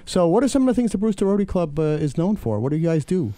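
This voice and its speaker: A man's voice: high voice, very animated, very fast, mellow, no echo. A man co-hosting a community radio talk show. He talks in a playful, hammy announcer style.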